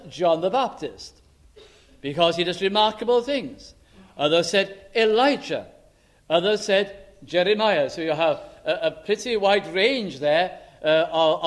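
A man preaching a sermon in an emphatic way, slowing down to stress scripture quotes and key words. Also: high voice.

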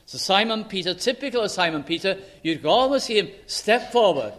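A man preaching a sermon in an emphatic way, slowing down to stress scripture quotes and key words. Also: sits high, animated, fairly bright tone.

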